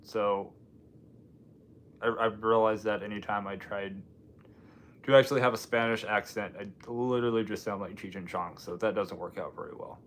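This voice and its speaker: A man's voice: lowish voice, fairly even intonation, normal speed, a little hiss or hum. A man from Washington State hosting a casual live stream, rambling and joking while answering viewer comments. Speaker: livestream host.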